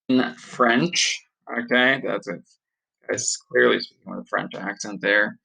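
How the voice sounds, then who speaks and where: A man's voice: mid-range voice, creaky, sharp tone, rough recording. A man thinks aloud, reading course notes and practising a pronunciation in a casual study session. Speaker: online study blogger.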